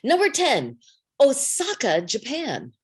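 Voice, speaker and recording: A woman's voice: high-pitched, wildly swooping pitch, slow pace, slightly rough. A woman co-hosting a podcast, chatting playfully and laughing easily. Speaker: podcast co-host. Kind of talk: casual chat.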